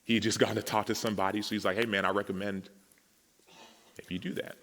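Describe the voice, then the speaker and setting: A man's voice: lowish voice, fast. A man, giving a personal testimony at a men's gathering and acting out the conversations he recounts. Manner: storytelling, acts out dialogue, grows emotional and animated. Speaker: speaker at a men's summit. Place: large hall with audience. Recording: reverberant hall.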